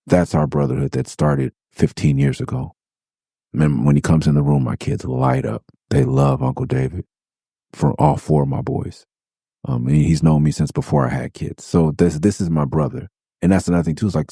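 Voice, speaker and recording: A middle-aged man from California hosting a podcast, telling stories in a profane, animated, heated way. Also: sits low, gravelly, slightly rough, no room sound, clean studio sound. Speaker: podcast host. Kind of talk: casual storytelling monologue.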